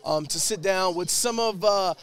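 A man's voice: high-pitched, moderate pace. A man hosting a casual sports show, joking around with many fillers, seated at a table mic in a media room. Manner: playful, jokey, lots of fillers. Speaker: podcast host. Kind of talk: casual chat. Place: media room at a draft event.

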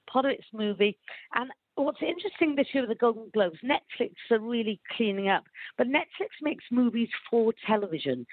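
A woman from Wales, giving animated, opinionated commentary and laughing often, heard down a phone line. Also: fairly high pitch, no echo. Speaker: guest commentator. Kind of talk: chatty phone interview.

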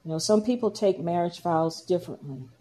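A woman's voice: lowish voice, a little fast, warm tone. An older woman from Georgia, a church deacon, telling her story in a conversational interview with many fillers. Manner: storytelling, acts out quoted dialogue, frequent fillers.

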